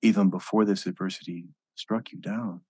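Male podcast host, very low monotone voice, measured and reflective, dry close sound. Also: husky, no echo. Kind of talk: interview talk.

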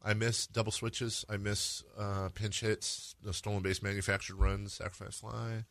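A man in his forties from the Bay Area hosting sports talk radio, joking and quick to laugh as he chats. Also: fairly low pitch, level tone, vocal fry, a bit bright, no echo. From San Francisco Bay Area. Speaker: radio sports show host.

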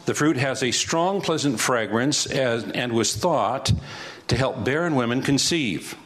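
A man's voice: medium pitch, lively intonation, a little slow, a bit bright. A male pastor teaching through Bible passages verse by verse, conversational and asking rhetorical questions.

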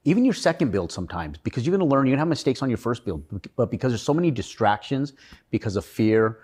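A man's voice: mid-range voice, very animated, fast talker, a little mellow, husky. A man being interviewed, talking earnestly about his own experience. He rambles and often restarts his sentences. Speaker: podcast guest. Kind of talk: casual interview storytelling.

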